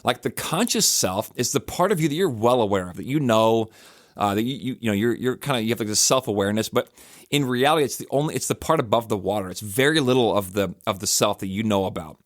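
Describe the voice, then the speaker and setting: A man's voice: on the low side, animated, fast talker, dry recording, clean studio sound. A podcast host, a man likely in his thirties, talking in a casual, rambling reflective monologue with frequent restarts and fillers.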